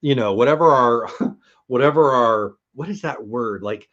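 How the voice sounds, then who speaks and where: A man's voice: mid-range voice, unhurried, fairly bright tone. A man from San Diego hosting a livestream interview, talking in a rambling, self-deprecating, chatty way. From San Diego, USA. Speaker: livestream host. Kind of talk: casual interview chat. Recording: slightly dull lo-fi audio.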